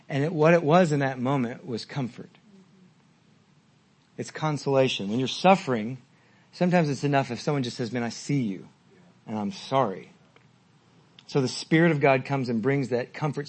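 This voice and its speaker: A middle-aged man preaching a sermon as pastor, earnest and building to slow, emphatic exhortations. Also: medium pitch.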